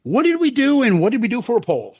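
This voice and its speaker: A man in casual podcast banter, spinning crude stories and laughing between them. His voice sits high and swings widely. The sound is dry and close. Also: wildly swooping pitch, fast talker, a little mellow, breathy edge, dry recording. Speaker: podcast co-host.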